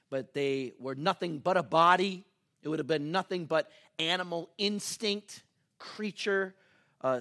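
Preaching a sermon packed with personal stories, a male pastor delivers them energetically, at times shouting and laughing. He then lowers his voice to a quiet hush to pray.

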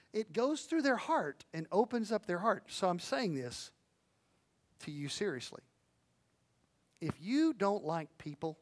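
A man preaching a sermon, earnest and animated, swinging between hushed and loud, with folksy storytelling and asides to the audience. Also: sits high. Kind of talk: sermon on evangelism.

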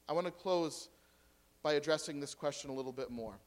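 A man delivers a sermon in a church hall. His voice sits a little high for a man. He drives his points home with force, then drops to quiet asides and questions to the congregation. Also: fairly quick. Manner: lively preaching, dropping to quiet asides and rhetorical questions. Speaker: pastor.

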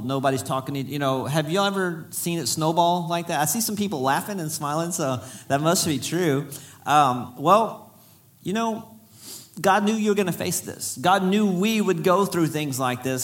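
A middle-aged man preaching a sermon to a congregation, telling stories in a folksy, self-deprecating way. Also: mid-range voice. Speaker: pastor.

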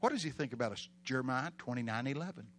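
Man, Texan accent, preacher, folksy sermon storytelling, loud bursts of emphasis, faint hum. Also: mid-range voice, expressive, quick pace. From Texas.

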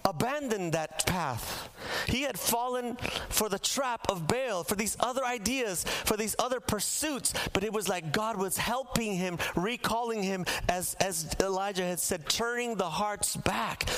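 Animated, smooth-voiced male preacher. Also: high voice. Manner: animated storytelling, acting out characters, joking with congregation. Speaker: pastor. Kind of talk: sermon. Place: church sanctuary.

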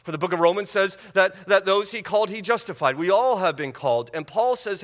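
A man's voice: high-pitched, fairly quick, hardly any pauses, fairly bright tone, long reverb tail. A man preaching a sermon as pastor, emphatic and building, repeating phrases for emphasis. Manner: emphatic preaching with rising intensity.

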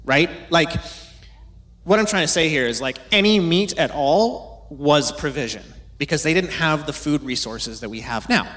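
A man's voice: a little high, normal speed, a bit bright. A man preaching a casual, conversational sermon, teaching from the Bible and acting out quoted voices now and then.

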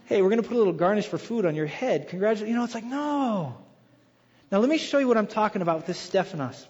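A man preaching a sermon as pastor, telling stories in an animated way and acting out quoted voices. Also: sits high, fast, husky. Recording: dull reverberant hall sound.

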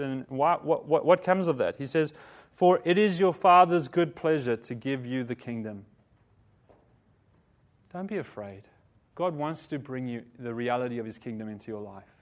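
This pastor speaks at medium pitch and a moderate pace. In a conversational style of preaching, he asks the congregation questions and pauses to fix his own wording, repeating words along the way.

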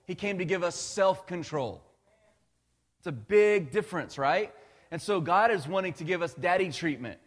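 A male pastor preaching a conversational, animated sermon, with restarts and asides to the congregation. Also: high voice, normal speed. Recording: long hall reverb.

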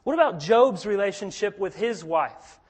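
A man preaching a sermon, earnest, moving between hushed storytelling and forceful emphasis. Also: sits high, lively intonation, normal speed, breathy edge, in a large hall.

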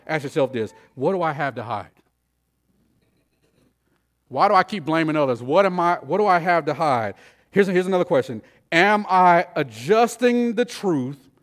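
A male pastor preaches an emphatic sermon in a slightly high voice, firing off repeated rhetorical questions and swinging between loud and hushed delivery.

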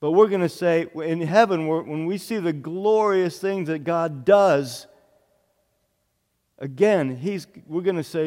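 Man preaching, earnest, repeats himself for emphasis, fairly high voice, long hall echo. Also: unhurried, darkish tone. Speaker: pastor. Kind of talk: sermon.

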